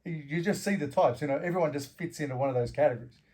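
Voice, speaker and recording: A man's voice: on the high side, racing, a little mellow. Swearing australian man telling bouncer stories. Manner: swears freely, acts out quarrels in anecdotes. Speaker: guest, former fighter and bouncer. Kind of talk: casual storytelling interview.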